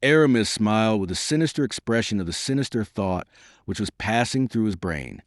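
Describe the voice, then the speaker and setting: A man's voice: fairly low pitch, expressive, brisk, no echo, studio quality. A man narrating a classic novel as an audiobook, reading dramatically and lifting his voice for quoted speech. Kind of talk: scripted narration.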